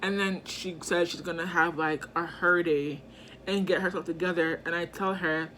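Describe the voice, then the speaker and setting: A young woman telling a storytime to her viewers, chatty and animated, loaded with slang and "like." Her voice sits a little low but sounds bright and sharp. Faint background noise sits under the recording. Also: moderate pace. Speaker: vlogger. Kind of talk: casual storytime.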